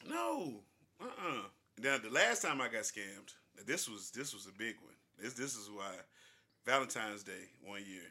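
A man's voice: fairly low pitch, unhurried, husky. A man co-hosting a casual talk show, telling profane stories and acting out the people in them. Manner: profane, animated, acts out other people in quoted voices. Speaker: podcast co-host. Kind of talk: casual banter and storytelling.

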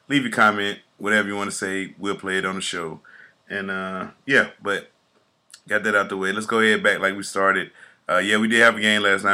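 A hoarse man hosts a casual podcast in a deep, raspy voice. His tone is bright and punchy, and he talks loosely, boasting and joking between stories. He sounds close to a studio mic. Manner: boastful, joking hype intro, loose storytelling. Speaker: podcast host; youth football coach.

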